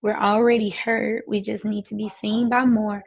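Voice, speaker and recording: A woman's voice: medium pitch, flat delivery, normal speed, vocal fry, slightly rough, no echo, low-quality recording. A woman hosting a live stream as a financial services coach, speaking emphatically with repeated, preacherly phrasing. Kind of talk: motivational live-stream talk.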